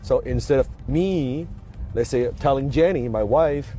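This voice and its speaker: A man's voice: mid-range voice, normal speed, mellow, faint music behind. A man speaking English as a second language, giving an emphatic motivational talk with rhetorical questions and repeated key phrases. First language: not English.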